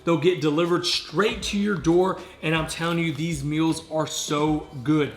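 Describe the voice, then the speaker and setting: In a home fitness vlog recorded on a nearby camera, a man with a voice on the high side coaches viewers in an unhurried, steady tone. He stays upbeat, talks right to the audience, and keeps saying "guys."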